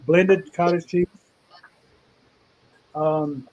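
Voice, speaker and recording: A man's voice: a little high, fairly even intonation, very slow, a little mellow, muffled recording. A man hosting a casual cooking show, chatting in a folksy, rambling way. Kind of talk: casual live cooking chat.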